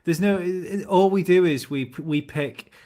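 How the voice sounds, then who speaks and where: A man's voice: fairly high pitch, unhurried, warm tone. A man, chatting casually on a podcast, rambling and joking about himself. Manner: rambling, self-deprecating, laughs often. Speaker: podcast guest. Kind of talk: casual chat.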